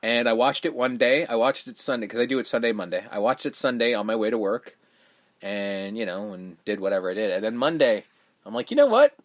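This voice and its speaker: A man's voice: fairly low pitch, steady tone, fairly quick. A man co-hosting a casual movie-review podcast, rambling and swearing freely as he retells scenes. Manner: profane, rambling, acts out quotes. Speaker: podcast co-host.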